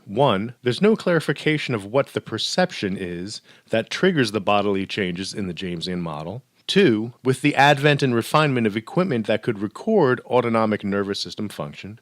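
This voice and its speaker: A man giving a recorded psychology lecture in a mid-range voice, dropping in playful asides and deadpan jokes. The sound is dry and close, with no room echo. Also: mid-range voice.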